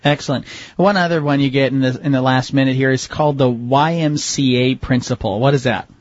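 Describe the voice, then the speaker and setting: A man hosting an interview, asking deliberate questions in a measured way. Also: mid-range voice, steady tone, dry recording. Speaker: interview host. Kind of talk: radio interview. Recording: dull lo-fi audio.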